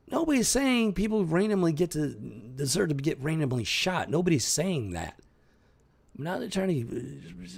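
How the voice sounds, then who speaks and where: A man's voice: on the high side, sing-song, moderate pace, creaky, a little mellow, slightly rough. A man hosting a comic book review show, ranting in exasperated, incredulous casual commentary. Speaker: podcast host reviewing comics.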